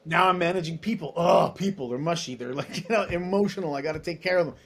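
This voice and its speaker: Chatty guy in his 40s on a podcast, kinda high voice, animated, keeps restarting sentences. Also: fast, husky. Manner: animated, acts out dialogue in other voices; chatty, many restarts and asides. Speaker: guest, tech executive. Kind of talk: casual interview storytelling.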